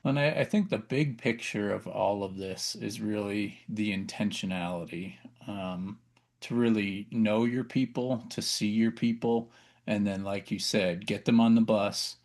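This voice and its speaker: Gravelly low-voiced man thinking aloud. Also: a little slow, a little mellow. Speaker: podcast co-host. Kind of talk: casual chat.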